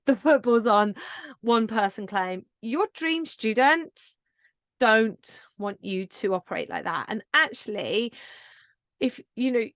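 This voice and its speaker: A woman's voice: medium pitch, dry recording, clean studio sound. A woman hosting her own podcast, talking casually and earnestly as she coaches listeners with encouragement and plenty of fillers. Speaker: podcast host and yoga business coach. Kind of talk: casual solo podcast talk.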